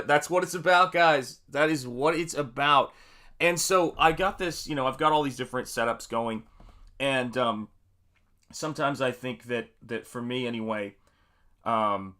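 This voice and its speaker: A bright, forward-sounding man hosts a casual live stream from his home art studio while he paints. He greets viewers by name with upbeat energy. Between greetings he rambles along loosely, full of fillers. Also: mid-range voice. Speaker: livestream host and painter.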